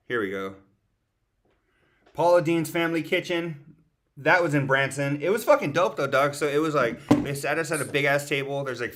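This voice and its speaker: A man's voice: medium pitch, fairly bright tone, slight background noise. Slangy, profane man in casual chat. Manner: slangy, swears a lot, calls people "dog". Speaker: podcast co-host. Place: away from home on a family road trip. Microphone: streaming setup.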